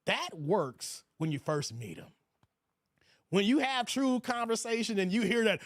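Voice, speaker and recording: Loud, animated livestream host, high-voiced man. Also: moderate pace, dry recording, clean studio sound. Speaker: host of a livestream commentary show. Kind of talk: casual commentary reading live chat.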